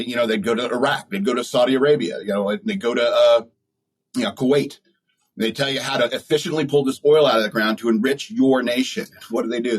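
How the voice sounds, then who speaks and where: A man's voice: medium pitch, slightly rough, rough recording. A man hosting a podcast, talking in a blunt, rambling, opinionated way and laughing at his own jokes. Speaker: podcast host. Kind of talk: opinionated solo talk.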